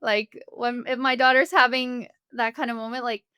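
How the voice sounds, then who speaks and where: A woman's voice: a little high, level tone, normal speed, pushed and bright, clear, resonant tone, no room sound. A woman speaking as a family therapist guest on a podcast interview, explaining earnestly with everyday examples.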